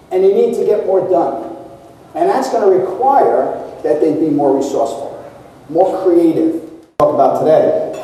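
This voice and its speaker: A man's voice: sits high, dark tone, recorded from a distance, slight background noise. A man giving a motivational conference keynote, speaking emphatically and asking the audience rhetorical questions. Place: large conference hall. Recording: echoey hall recorded from afar.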